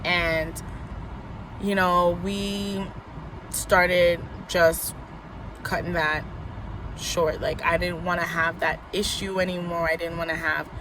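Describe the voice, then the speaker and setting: A woman's voice: lowish voice, level tone, takes it slowly, pauses often, noisy background. A young woman from New York vlogging a personal story in a casual, rambling way, full of likes and you knows.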